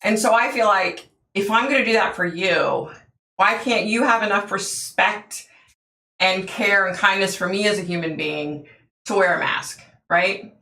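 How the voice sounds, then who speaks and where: A woman's voice: mid-range voice, a little slow, sharp tone, echoey room. A woman hosting a livestream, telling stories in a chatty way, laughing often and answering viewers' comments. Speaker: livestream host. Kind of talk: casual chat with viewers.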